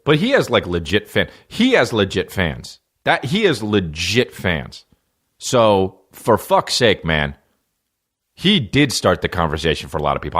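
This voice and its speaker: A man with a fairly low voice hosts a comedy podcast. He rambles from one story to the next, swearing freely and cracking jokes as he goes. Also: fairly bright tone. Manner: profane, rambling, jokey. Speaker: podcast host.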